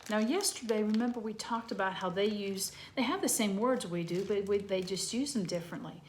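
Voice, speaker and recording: A woman, gently teaching a lesson to young children from home. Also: medium pitch, a little hiss or hum. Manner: gentle, slow, talking to children. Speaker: preschool teacher.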